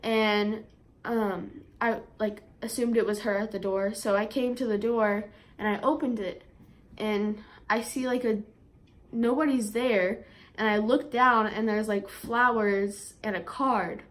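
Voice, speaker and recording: A young woman vlogger telling a story in a chatty way, with lots of fillers, and getting animated when she quotes herself. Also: medium pitch, a little slow. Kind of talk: storytime vlog.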